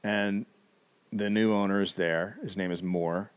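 A man with a fairly low voice recounts a story for a comedy podcast in an easy conversational tone. He drops in wry, blunt asides and the occasional swear as he goes. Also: steady tone, measured pace, clear, resonant tone. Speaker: podcast co-host telling the story. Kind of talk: casual storytelling chat.

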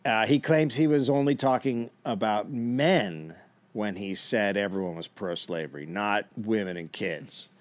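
A man's voice: lowish voice, unhurried. A man hosting a comedy podcast, retelling history in a dry, matter-of-fact way. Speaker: podcast host telling the history. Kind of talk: casual storytelling.

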